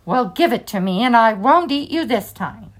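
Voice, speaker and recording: A greedy, boastful storybook tiger, as a woman reading aloud puts him on, bossy and bullying. The voice stays fairly high and lively, with big rises on his threats. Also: moderate pace.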